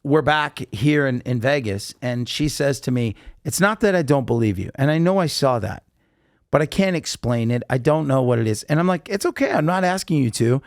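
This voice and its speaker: Male podcast guest, mid-pitched, animated storyteller, dry close recording. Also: normal speed, no echo. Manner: animated storyteller acting out quotes. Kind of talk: casual chat, storytelling.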